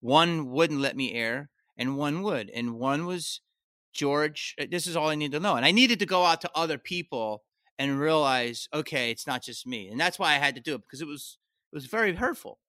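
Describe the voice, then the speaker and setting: A man, a comedian guest on a podcast, telling stories in a casual, animated way, swearing and jumping into high-pitched outbursts. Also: moderate pace, no echo, clean studio sound.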